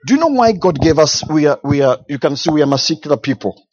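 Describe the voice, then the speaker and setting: A man's voice: on the high side, sing-song, fast, a little mellow, no echo. Fervent male preacher, dull dry sound. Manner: fervent, repeating phrases for emphasis. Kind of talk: sermon.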